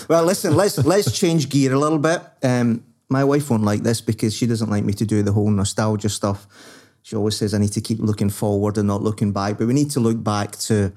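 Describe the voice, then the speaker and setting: A man's voice: on the low side, fairly even intonation, a little fast, darkish tone. A man, talking in a thoughtful, casual way with many fillers. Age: 50s. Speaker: podcast co-host. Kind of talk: casual chat.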